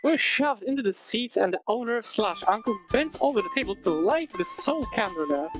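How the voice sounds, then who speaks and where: A man's voice: very high-pitched, animated, a little fast, low-quality recording. A man playing a visual novel, reading it aloud with chatty, wry asides. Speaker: video game let's player. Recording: background game music.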